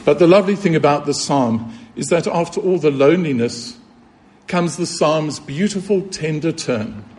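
Male preacher, earnest and emphatic, slightly high voice, sermon delivery. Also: moderate pace, darkish tone. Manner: earnest, emphatic, with rhetorical questions and repetition.

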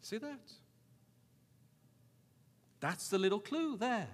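A man's voice: expressive, slow pace. Earnest preaching man in a reverberant hall. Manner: earnest, urging listeners with repeated questions; swings from hushed low reading to raised emphatic exhortation. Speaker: Bible school teacher. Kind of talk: sermon.

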